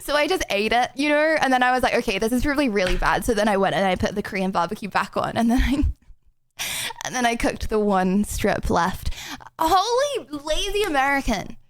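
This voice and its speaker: A woman's voice: a little high, animated, moderate pace, no echo. A young English woman streaming from home, rambling and giggling through casual chat with viewers, with lots of fillers.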